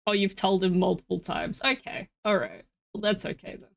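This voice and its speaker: A woman chatting through a live game stream at an everyday, mid-range pitch. She rambles easily to her chat and drops little asides to her pet. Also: sing-song, moderate pace, vocal fry.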